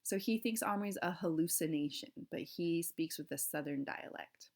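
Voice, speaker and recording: A woman's voice: low voice, moderate pace, few pauses. A woman teacher reading a novel aloud to her class, with short explaining asides. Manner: steady storytelling with classroom asides.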